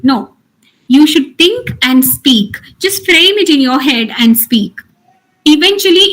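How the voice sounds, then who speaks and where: A woman's voice: high voice, a bit bright, low-quality recording. A middle-aged woman with an Indian English accent, giving an earnest, encouraging online English lecture. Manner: earnest, encouraging teacher, repeats points for emphasis.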